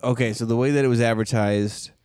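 A man's voice: medium pitch, steady tone, quick pace, darkish tone, clean tone, no echo, studio quality. A man hosting a casual chat, laid-back and swearing freely.

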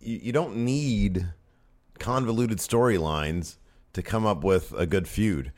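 Man, very low voice, casual podcast co-host, rambling, joking. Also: slow, a little mellow. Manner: joking, rambling, swears lightly. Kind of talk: casual chat. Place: home office room being cleared out.

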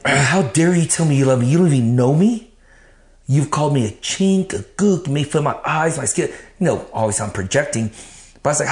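Man, interview guest, blunt and cursing, mid-pitched, echoey room. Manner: blunt and profane, acts out what he told himself. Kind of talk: personal storytelling, casual talk. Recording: roomy echo.

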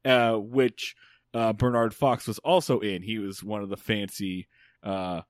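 A man's voice: fairly low pitch, fairly even intonation, a little slow, no room sound, clean studio sound. A man co-hosting a podcast, chatting casually and enthusiastically with lots of fillers. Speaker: podcast co-host. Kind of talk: casual podcast chat about an old sitcom.

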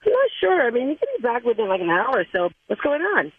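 A woman's voice: a little high, sing-song, fast talker, slightly rough, no echo. A woman on a phone call, upset and accusing. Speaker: wife on the call. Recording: tinny phone line.

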